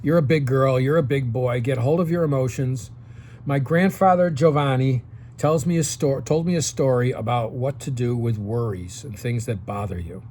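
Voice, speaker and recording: A man's voice: medium pitch, moderate pace, a little mellow, slight background noise. Man in his sixties giving advice. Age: 60s. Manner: coaching tone, often tags sentences with "okay?". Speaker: vlogger giving advice to seniors. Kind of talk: casual direct-to-camera advice.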